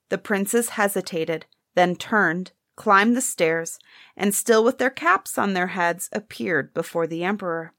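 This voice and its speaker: A woman reading a fairy tale aloud in a measured, expressive storybook manner. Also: medium pitch, no echo, studio quality.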